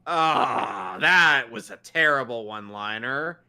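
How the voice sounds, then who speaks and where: Bright-voiced mocking man. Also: medium pitch, expressive, moderate pace. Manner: mocking, incredulous. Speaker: movie commentary co-host. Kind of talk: casual riffing movie commentary.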